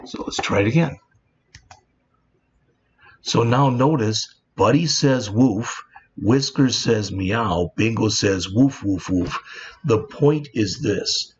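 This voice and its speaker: Speaking slowly in a fairly low voice, this coding instructor explains plainly over a screen recording and often says "all right." The sound is dull and lo-fi, with a little background noise.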